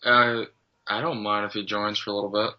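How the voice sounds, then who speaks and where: A man chatting casually as a podcast guest, hesitant with lots of pauses and fillers. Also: fairly low pitch, level tone. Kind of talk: casual chat. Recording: dull lo-fi audio.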